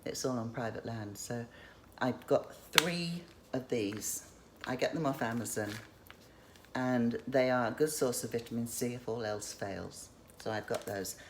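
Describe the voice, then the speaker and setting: A woman's voice: rumbling low, a little slow, background noise. A woman, chatting in a rambling, casual vlog as she shows what she has stored. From England. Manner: chatty, rambling, self-interrupting. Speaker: vlogger. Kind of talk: casual show-and-tell vlog.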